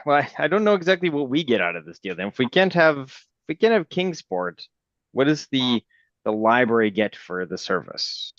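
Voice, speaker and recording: A man's voice: medium pitch, very animated, moderate pace, fairly bright tone, no room sound. A man playing a tabletop game who argues persuasively but hesitantly, often repeating words. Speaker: player. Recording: dull, dry lo-fi sound.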